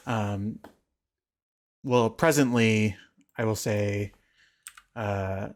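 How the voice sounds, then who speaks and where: Low-voiced man narrating a tabletop game. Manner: relaxed, halting narration with many fillers. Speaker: game master.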